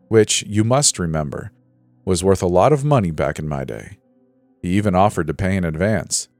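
A man with a very low, deep voice narrates a horror story in a slow, measured way. The voice is close and dry, with faint music playing underneath. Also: a little mellow, no echo. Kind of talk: scripted narration.

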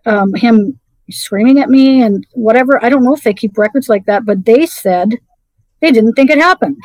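A woman's voice: fairly high pitch, a little mellow, no room sound, rough recording. Middle-aged woman guest, hesitant storyteller, dry recording. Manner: halting, many restarts and fillers. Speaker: interview guest. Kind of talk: personal story in conversation.

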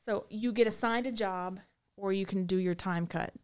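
In a casual interview, a woman rambles through stories from her time in prison, full of fillers and restarts. Her mid-range voice is smooth and darkish in tone, moving at a moderate pace.

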